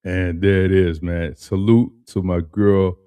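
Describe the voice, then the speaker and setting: A man's voice: sits low, little pitch movement, unhurried, phone-quality sound, very noisy. A man hosting a casual reaction video, talking loosely with slang and repeated phrases before playing a clip.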